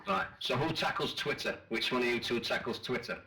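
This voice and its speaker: A Northern English man in his forties hosts a chat radio show, his bright, ringing voice bouncing lively up and down. He teases his guests boisterously and swears freely. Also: medium pitch, a little fast. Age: 40s. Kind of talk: casual chat show banter.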